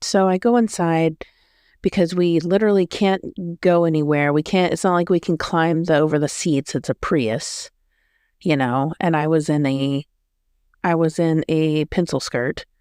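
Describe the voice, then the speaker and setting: A woman's voice: low voice, fairly even intonation, unhurried, a little mellow, clear, resonant tone, dry recording, studio quality. A woman vlogger telling a story in a casual, rambling way, often correcting herself. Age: adult.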